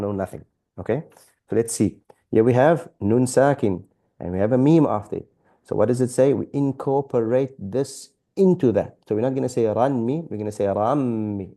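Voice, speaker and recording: A man's voice: fairly low pitch, mellow. A man teaching a beginners' Arabic reading lesson, patient and repetitive, checking in with "okay?" and often stumbling and restarting phrases. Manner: patient, repeats examples, frequent "okay?" checks. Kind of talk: relaxed classroom-style lesson.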